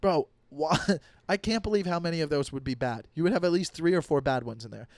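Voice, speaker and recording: Swearing, animated young male comedian. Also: fairly high pitch, fairly quick, dry recording. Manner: profane, animated, acts out quoted voices. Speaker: podcast host and comedian. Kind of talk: solo comedic podcast rant.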